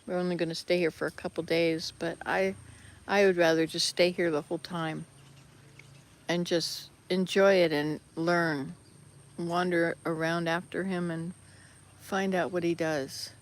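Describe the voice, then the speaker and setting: An older woman chatting casually in a travel vlog, rambling and correcting herself as she goes, filming outdoors by a hut. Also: fairly low pitch. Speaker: vlogger. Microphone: handheld camera.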